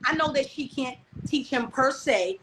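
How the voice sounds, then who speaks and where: Speaking through a computer mic on a live video stream, with noisy audio, the talk show host has a high-pitched, expressive voice at a moderate pace. Her chat is candid and free-flowing, peppered with "um" and "you know."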